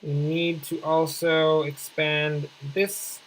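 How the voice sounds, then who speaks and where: A man's voice: on the high side, a little slow, long pauses, fairly bright tone, slight background noise, poor audio. A man giving casual let's-play commentary while building a city, chatty and wry, mocking himself and thinking aloud as he plays. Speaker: gameplay commentator.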